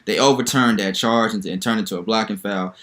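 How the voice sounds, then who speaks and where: A young man hosting a solo basketball commentary video, talking in an animated, incredulous, rambling way with lots of repetition. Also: on the low side, fast. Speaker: sports video host.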